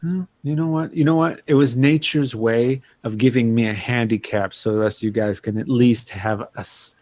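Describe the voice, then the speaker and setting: A man's voice: mid-range voice, fairly even intonation, moderate pace, a little mellow, dry recording. A man co-hosting a podcast in casual chat, joking with mock-formal protests. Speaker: podcast co-host.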